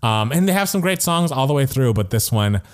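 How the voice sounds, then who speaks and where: Chatty, excitable male podcast co-host. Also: medium pitch, fairly quick. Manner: enthusiastic, laughs often, says "like" a lot. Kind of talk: casual chat.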